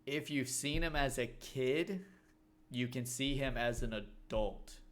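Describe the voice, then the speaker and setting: A man co-hosting a podcast, explaining movie details in a relaxed, matter-of-fact way during a casual chat. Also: medium pitch, slow. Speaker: podcast co-host.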